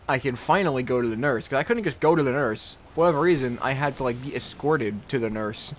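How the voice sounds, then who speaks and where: A man's voice: fairly high pitch, a little hiss or hum. A man hosting a podcast, telling a crude, embarrassing story while laughing throughout. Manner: laughs constantly, crude and animated. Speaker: podcast host. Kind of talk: comedic storytelling chat.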